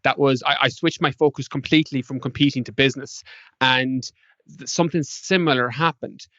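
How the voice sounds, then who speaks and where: Fast-talking Irish man, lo-fi dry sound. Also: medium pitch, no room sound. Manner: animated, acts out past conversations. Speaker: podcast guest. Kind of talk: casual interview storytelling.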